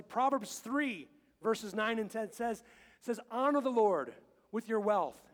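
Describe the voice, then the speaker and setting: A middle-aged man preaches a casual sermon in a church sanctuary, mixing scripture readings with jokes and acted-out family moments. His voice sits high, and the room adds a lingering reverb to every phrase. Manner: chatty and joking, quotes scripture, acts out little scenes. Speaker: pastor.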